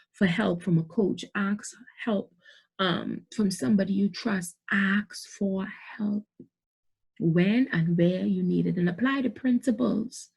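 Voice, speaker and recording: A woman's voice: fairly low pitch, vocal fry, slightly rough. A middle-aged woman, giving emphatic motivational business advice to camera and repeating points for stress. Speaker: business coach.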